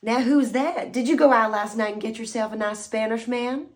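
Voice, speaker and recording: A woman's voice: on the high side, fairly even intonation, moderate pace, lightly acted. A woman playing a folksy older widow who teases her travel companion with homespun grammar. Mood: playful.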